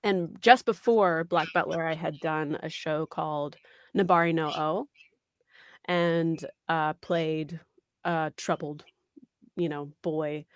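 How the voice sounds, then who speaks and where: A woman in her thirties with a somewhat low voice chats animatedly in an interview, full of fillers and quick asides. The sound is dry and close, with no room around it. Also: no room sound. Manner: animated, chatty, many fillers and laughs. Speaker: voice actress guest. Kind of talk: casual interview chat.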